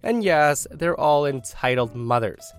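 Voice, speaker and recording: A man reading a first-person online story aloud, with wry, animated storytelling. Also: fairly high pitch, unhurried, clean tone, soft background music. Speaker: story narrator.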